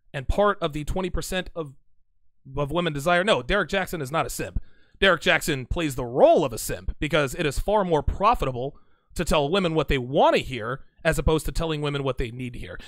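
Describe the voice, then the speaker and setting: A man talks through a casual livestream, reading out chat messages and firing back blunt, teasing replies. His voice sits a little high for a man. The sound is close and dry, with no room around it. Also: a bit bright, no room sound. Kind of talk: casual live-stream commentary.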